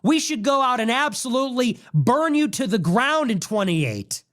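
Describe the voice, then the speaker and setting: A man's voice: very high-pitched, sing-song, normal speed, a bit bright. A young man hosting a podcast, delivering a combative political monologue and repeating his ultimatums in a mocking tone. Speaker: podcast host.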